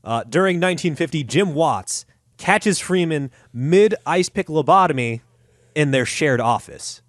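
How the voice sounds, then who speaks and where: A man's voice: fairly high pitch, a little slow, dry recording, studio quality. Profane laughing podcast storyteller, man. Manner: laughing, swearing, animated retelling with quoted voices. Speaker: podcast co-host telling the story. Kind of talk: casual profane storytelling chat.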